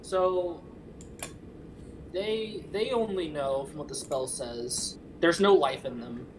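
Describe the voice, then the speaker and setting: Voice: mid-range voice, takes it slowly, echoey room, noisy background. A player in a tabletop role-playing game talking in character, hesitant and full of fillers. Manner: hesitant, with lots of uhs. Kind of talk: casual in-character tabletop play.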